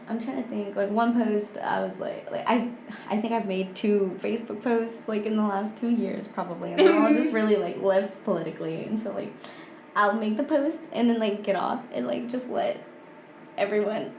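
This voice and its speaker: Creaky-voiced young woman, soft-spoken. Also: medium pitch, normal speed, roomy sound, a little hiss or hum, rough recording. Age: 20s. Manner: soft-spoken, heavy use of "like". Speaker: podcast guest. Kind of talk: casual chat.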